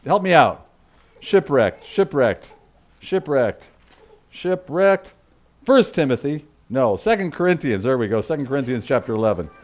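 A man's voice: mid-range voice, sing-song, measured pace. A man preaching a sermon, building emphatic repeated lists and dropping into muttered asides to the congregation. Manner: emphatic and repetitive, swinging between loud preaching and muttered asides. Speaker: pastor.

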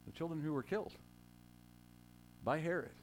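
A man's voice: a little high, moderate pace, slight background noise. A man preaching a sermon in a conversational way, joking with his congregation and rising to emphatic quotes. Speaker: pastor.

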